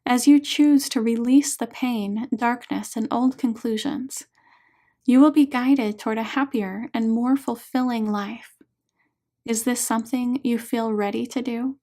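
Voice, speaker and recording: A woman reading an audiobook, voicing a calm female hypnotherapist who guides her client in a gentle, soothing way. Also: a little high, measured pace.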